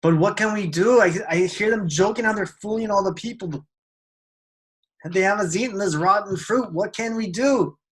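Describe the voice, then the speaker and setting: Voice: medium pitch, measured pace, few pauses, lightly acted. A storyteller voicing a young woman who talks in a hesitant, questioning way. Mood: urgent. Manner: hesitant, sure of herself. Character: young woman, a temple-goer, doubtful then alarmed.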